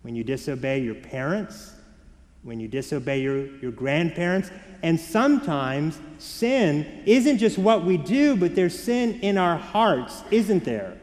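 A man preaching in a church sanctuary, his fairly high voice carrying a long reverb tail. He moves from hushed, slow, earnest points to brighter, animated storytelling for the children. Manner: varied and expressive, dropping soft for emphasis, rising for children. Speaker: pastor. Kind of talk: sermon.

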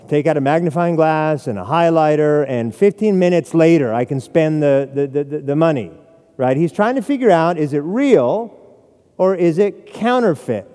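Animated preacher in a reverberant sanctuary. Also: male voice, fairly high pitch. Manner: animated preaching with rhetorical "right?" asides. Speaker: pastor. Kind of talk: sermon. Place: church sanctuary. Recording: long hall reverb.

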